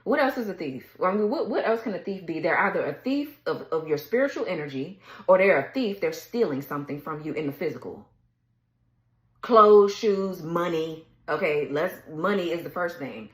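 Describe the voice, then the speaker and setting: A woman's voice: on the low side, expressive, moderate pace. Blunt, cursing woman in an echoey room. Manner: blunt, profane, heated, laughs mid-rant. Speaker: tarot reader. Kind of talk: casual ranting tarot reading.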